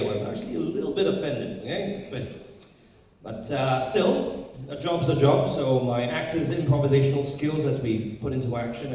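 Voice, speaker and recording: A man doing a stand-up comedy routine on a theater stage, telling a story with lively delivery, acting out other voices and swearing. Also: medium pitch. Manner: animated, acts out voices, swears. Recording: echoey hall from far off, audience noise. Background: audience laughter.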